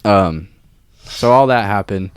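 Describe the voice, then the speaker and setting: A man's voice: lowish voice, slow pace, smooth, no room sound, clean studio sound. A young man co-hosting a podcast, telling a work story in casual chat, swearing freely and acting out quotes. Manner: profane, animated storytelling with acted quotes. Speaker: podcast co-host.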